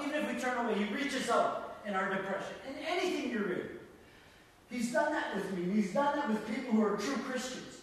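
A man preaching a sermon, emphatic and repetitive, swinging from loud peaks to quiet stretches, recorded from far off in an echoey church hall. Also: very high-pitched, fairly quick. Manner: emphatic, repetitive, swells then drops to quiet.

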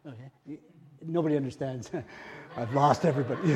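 An older man preaching a sermon as pastor, repeating phrases and swinging from hushed murmurs to loud exclamations. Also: medium pitch, fast talker, slightly rough, long reverb tail. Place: church.

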